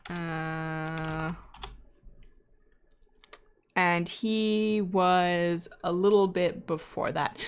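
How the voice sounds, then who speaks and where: A woman hosting a live coding stream, talking casually and thinking aloud with frequent fillers and asides, now and then reading viewer chat aloud. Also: lowish voice. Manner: reads chat messages aloud. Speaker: data scientist live-coding host.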